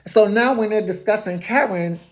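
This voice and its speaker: Speaking at a moderate pace in a medium-pitched voice, this woman recaps a reality TV episode in a gossipy, laid-back way. She laughs a lot, throws shade, and keeps correcting herself in loose, colloquial language.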